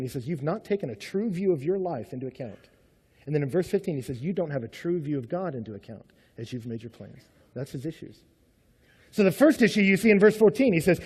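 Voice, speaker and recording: A male pastor preaches with a high, lively voice that swings up and down. His tone is a little husky, and the sound rings with the long reverb of a large church auditorium. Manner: conversational, animated preaching with rhetorical questions. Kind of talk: sermon.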